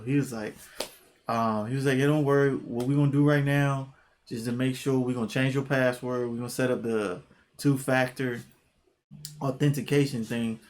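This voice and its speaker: Young male vlogger, casual storytime, animated and profane, mid-range pitch. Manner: animated, profane, jumps into quoted exclamations.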